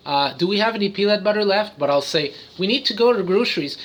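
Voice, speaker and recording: A man's voice: sits high, a little fast, few pauses, sharp tone. A man talking casually to camera about his own habits, rambling and interrupting himself, often breaking into sudden singing, noises and cartoon voices. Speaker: vlogger, autistic father.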